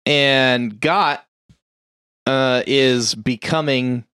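A man casually recapping a movie plot on a podcast, acting out the characters' lines in quick bursts. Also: medium pitch, pushed and bright, smooth, no echo, clean studio sound. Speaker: podcast co-host.

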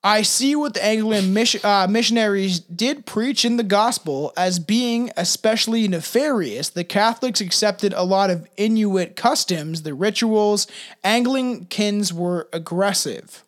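A woman's voice: mid-range voice, a little slow. A woman casually telling a story on a podcast, meandering with fillers and frequent laughs. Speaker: podcast co-host.

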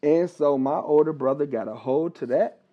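A man, a licensed counselor, telling a personal story on a podcast, talking haltingly with pauses, restarts and repeated words. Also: fairly high pitch. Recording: dull, slightly lo-fi recording.

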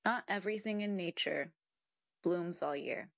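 A woman's voice: on the low side, normal speed, creaky, no echo. A young woman chatting as a podcast guest, telling stories with frequent laughter and acting out her own thoughts. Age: young adult. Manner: animated storyteller who laughs often and acts out her own thoughts. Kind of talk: casual conversational interview.

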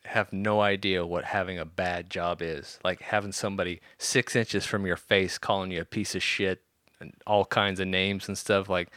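A man recounting a wild story in a loose, cursing, animated style. His tone is bright and punchy. The sound is dry and close, with no room around it. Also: deep voice, moderate pace, no room sound. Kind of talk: casual storytelling.

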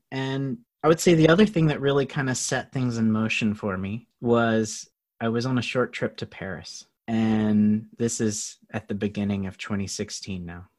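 A man telling a personal story as a guest in a casual interview, animated, often laughing and acting out what others said. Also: medium pitch, unhurried. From United States.

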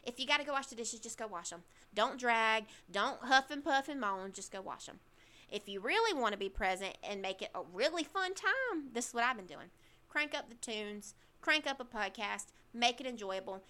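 A woman's voice: fairly high pitch, lively intonation, normal speed, sharp tone. A young woman hosting a podcast from a corner of her bedroom, giving emphatic, chatty advice with self-deprecating asides. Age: young adult. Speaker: podcast host. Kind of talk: casual advice monologue.

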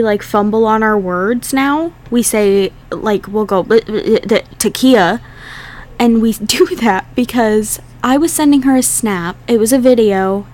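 A young woman co-hosting a podcast, telling stories in casual chat with lots of laughter and swearing. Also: medium pitch. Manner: laughing, profane, storytelling. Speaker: podcast co-host.

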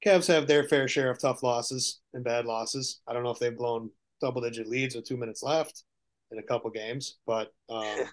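A man co-hosting a podcast, talking casually and quietly about basketball, trailing off and swearing. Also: fairly even intonation, moderate pace. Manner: low-key, mumbling, trailing off, swears. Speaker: podcast co-host. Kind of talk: casual sports chat.

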